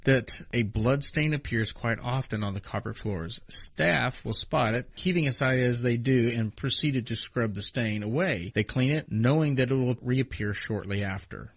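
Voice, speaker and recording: A man's voice: medium pitch, normal speed, hardly any pauses, dry recording. A man co-hosting a podcast, reading spooky hotel stories aloud in a playful, joking way and tripping over words now and then. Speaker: podcast co-host.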